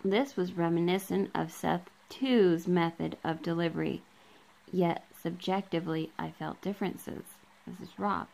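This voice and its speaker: A woman's voice: on the low side, measured pace, gravelly, darkish tone, low-quality recording. A woman vlogger reading passages of a book aloud to her viewers, marking each quote and end quote, with casual asides and frequent ums, recorded on a camera she holds herself. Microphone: handheld camera.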